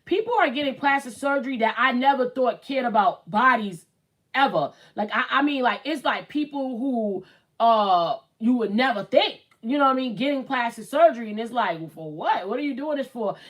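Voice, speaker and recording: A woman's voice: fairly high pitch, expressive, moderate pace, low-quality recording. A woman in her late thirties hosting a casual livestream, chatting bluntly and reading out viewer comments. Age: late 30s. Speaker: show host.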